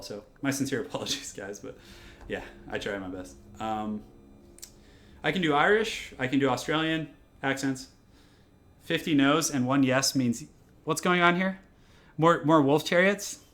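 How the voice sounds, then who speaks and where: A man's voice: mid-range voice, a bit bright. A man doing casual live-stream commentary over a game from a room at home, chatty and repeating his phrases as he answers chat.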